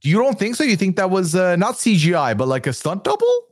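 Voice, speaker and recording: Excitable podcast guy chatting, bouncy voice, dry sound. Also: high voice, fairly quick, slightly rough, dry recording. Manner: animated, playful, excitable. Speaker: podcast co-host. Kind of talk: casual recap chat.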